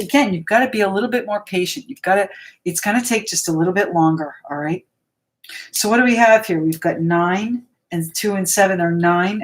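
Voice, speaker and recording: A woman hosting a live tarot reading, chatting with viewers and reassuring them as she thinks aloud between cards. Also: fairly low pitch. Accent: American. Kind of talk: live-stream card reading, answering viewers.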